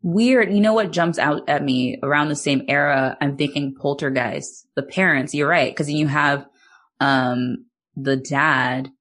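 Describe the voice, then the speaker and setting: A woman with a low, husky voice chats casually on a podcast. She recaps a film in a loose, rambling way, full of filler words and the odd swear. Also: unhurried, fairly bright tone. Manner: chatty, many "like"s, swearing, laughs easily. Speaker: podcast co-host.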